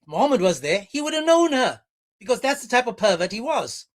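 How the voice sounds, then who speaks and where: A man's voice: very high voice, very animated, fairly quick. A man hosting a livestream religious debate, talking in a mocking, sarcastic way. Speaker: debate stream host.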